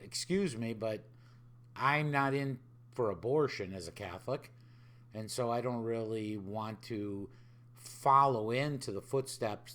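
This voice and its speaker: A man hosting a podcast, talking in a casual reflective way, often asking rhetorical questions and voicing other people's lines in dialogue. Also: mid-range voice. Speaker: podcast host.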